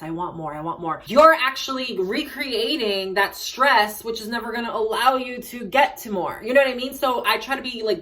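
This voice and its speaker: A woman's voice: medium pitch, a bit bright. A twenty-five-year-old woman telling a story in a casual vlog, in a profane, dramatic, chatty way. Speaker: vlogger. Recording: voice somewhat distant from mic.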